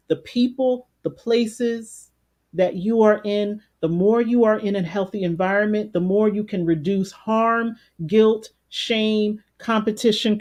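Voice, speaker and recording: A woman life coach with a big, loud voice leading a live-streamed guided meditation. She talks conversationally, greets viewers by name and repeats phrases for emphasis. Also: medium pitch.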